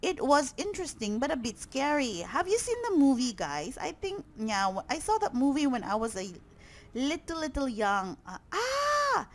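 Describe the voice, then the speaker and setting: Animated woman teaching English vocabulary. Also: sits high, normal speed. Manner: animated, checks in often with "okay?" and "very good". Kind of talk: vocabulary lesson to students.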